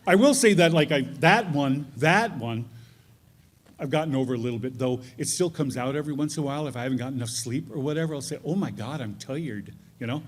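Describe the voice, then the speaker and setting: A man's voice: fairly high pitch, fast. A man telling a self-deprecating personal story on stage at a live storytelling event, chatty and laughing at his own jokes. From northern New York.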